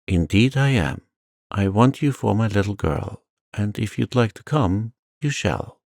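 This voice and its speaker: Guy reading a gentle poor young woman, tender, slow, gravelly close voice. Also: on the low side, expressive, no echo, exaggerated voice.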